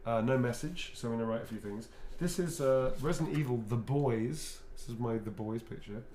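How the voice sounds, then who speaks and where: Brisk and mid-range in voice, a middle-aged actor makes relaxed, rambling conversation while signing autographs, breaking into laughter often. The space is echoey, with a faint hum in the background.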